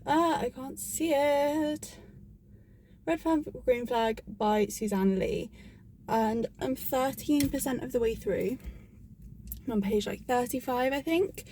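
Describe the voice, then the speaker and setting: A woman's voice: high voice, takes it slowly, mellow, slight background noise. A woman book vlogger talking in a casual, chatty and rambling way, with frequent "like", into a phone she holds. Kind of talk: casual vlog chat.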